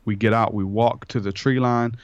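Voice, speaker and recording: A man's voice: medium pitch, fairly even intonation, moderate pace, smooth, no echo. A man, a podcast guest, telling a rambling personal story in a casual way and acting out the dialogue. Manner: rambling, acts out quoted dialogue. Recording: dull lo-fi sound.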